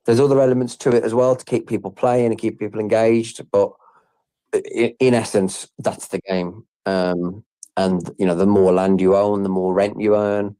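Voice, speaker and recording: Deep mellow man, halting speech. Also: flat delivery, clean tone, no room sound. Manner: hesitant, many fillers and restarts. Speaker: game project team member. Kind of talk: casual group audio chat.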